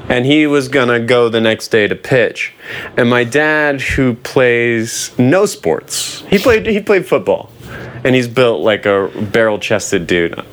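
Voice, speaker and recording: A young American man telling a funny story in casual chat, animated and often laughing as he acts out what people said. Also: mid-range voice, slow. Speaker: guest.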